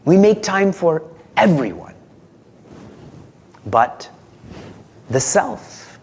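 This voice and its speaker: A man delivering a spiritual discourse with a lively, swooping delivery and a slightly raised pitch. He talks conversationally, throws questions at his listeners and chuckles between points. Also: extremely slow, husky. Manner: conversational, asks the audience questions, chuckles often. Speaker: spiritual teacher.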